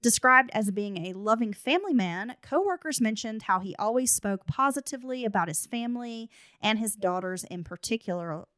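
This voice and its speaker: A woman's voice: fairly high pitch, animated, moderate pace, a bit bright, no room sound, clean studio sound. A woman hosting a true crime podcast. She narrates the case details and breaks in with blunt, casual asides. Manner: reads case notes, then adds blunt asides. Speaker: podcast host.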